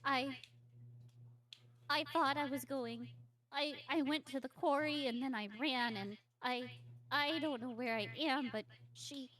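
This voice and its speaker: A frightened, soft-spoken little girl in a tabletop game, stammering and breathless, as a woman puts her on. The voice sits fairly high and keeps tripping over its own words. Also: moderate pace. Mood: panicked.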